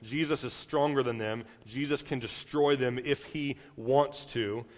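A young man delivers a sermon in an easy, chatty way, full of fillers and quick restarts. His voice is middle-pitched, and it rings out into a large hall with a long tail of reverb. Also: steady tone. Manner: conversational, many fillers and restarts, acts out quotes. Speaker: preacher. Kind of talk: casual sermon.

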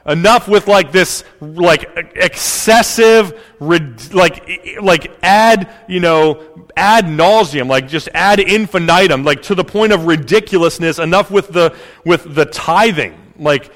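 A man preaching a sermon as pastor, in a casual, animated way with many fillers. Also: fairly high pitch, slow pace, big-room sound.

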